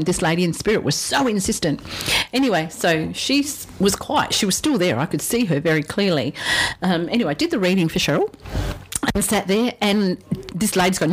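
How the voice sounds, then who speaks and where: A woman's voice: mid-range voice, animated, a little fast, low-quality recording. Chatty woman telling anecdotes. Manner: chatty, rambling anecdotes with acted-out quotes. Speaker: psychic medium. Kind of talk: storytelling in a conversation.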